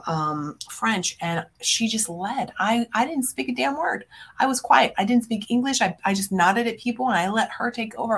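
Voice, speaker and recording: A middle-aged woman coach hosting a motivational podcast, talking to listeners in a direct, emphatic way and swearing casually. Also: medium pitch. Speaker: business coach and podcast host.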